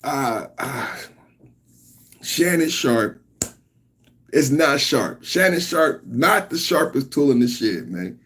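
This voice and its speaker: A man hosting a podcast, giving casual commentary in an animated, incredulous way. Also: mid-range voice, slow pace, pauses often, slightly rough. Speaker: podcast host.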